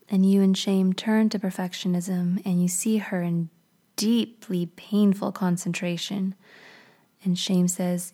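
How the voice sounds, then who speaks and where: A woman's voice: medium pitch, little pitch movement, a little slow, mellow. A woman speaker telling a vivid guided story about creativity, often in a half-whisper.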